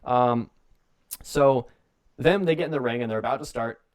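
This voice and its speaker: A young man with a mid-range voice co-hosts a wrestling podcast on the radio. He tells a comedic story in a rambling, jokey manner, slipping into quick put-on voices.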